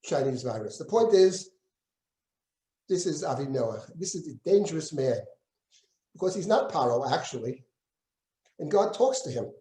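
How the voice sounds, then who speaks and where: A man's voice: lively intonation, normal speed, long pauses, dark tone. A man teaching a Bible class as a rabbi, reading verses aloud, translating them and acting out the speakers. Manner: reads Hebrew verses aloud, then translates and comments; acts out quoted speakers with shifts in pitch. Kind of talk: lecture with close text reading. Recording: echoey room.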